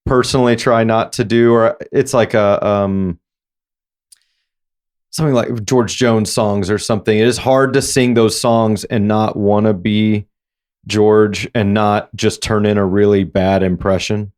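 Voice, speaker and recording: A man hosting a podcast interview, chatting casually in a rambling, halting way with many false starts. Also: on the low side, steady tone, darkish tone, smooth. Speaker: podcast host.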